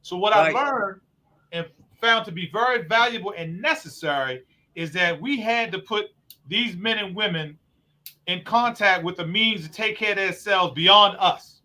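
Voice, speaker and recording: Hosting a talk show built on conversational discussion, this recovery program owner lays out his work with sincerity. His voice sits high, pushed and bright, at a moderate pace.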